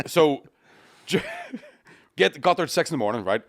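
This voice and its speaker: A man's voice: a little high, animated, unhurried, no room sound, studio quality. A man with a Northern Irish accent, a comedian co-hosting a podcast, chatting casually and telling crude, self-mocking stories with plenty of swearing. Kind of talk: casual chat.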